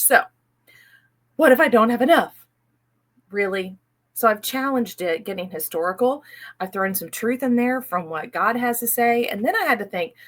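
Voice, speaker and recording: A woman hosting her own money mindset channel, talking casually and upbeat to her viewers and slipping into soft guided breathing passages. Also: fairly high pitch. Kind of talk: casual personal talk to camera.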